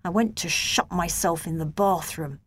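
A woman reading a children's novel aloud in a gentle, measured first-person storytelling voice. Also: fairly low pitch. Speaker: audiobook narrator.

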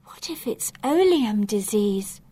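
Slow, measured woman reading a story. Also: medium pitch, animated, dark tone, slightly rough. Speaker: narrator.

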